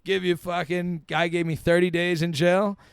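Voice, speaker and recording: A man's voice: high-pitched, level tone, normal speed, vocal fry, smooth, dry recording, studio quality. A young man, a comedian and podcast guest, telling a long story in a laid-back, profane way. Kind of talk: casual storytelling.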